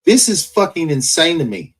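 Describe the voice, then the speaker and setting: A man's voice: on the high side, sing-song, normal speed, slightly rough. A man in casual chat, ranting heatedly with constant profanity.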